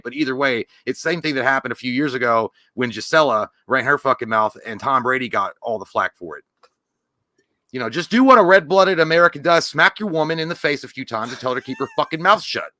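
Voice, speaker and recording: A man's voice: mid-range voice, bright, forceful tone, no room sound. A man with a Southern US accent co-hosting a live movie show, talking in crude, rowdy, profane banter.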